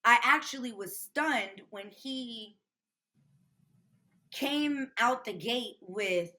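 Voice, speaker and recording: A woman with a bright, forceful and somewhat high voice tells her side of a story to an interviewer. She is animated and candid, and she swears freely as she goes. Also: very slow. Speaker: interview guest. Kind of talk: candid retelling of a phone call.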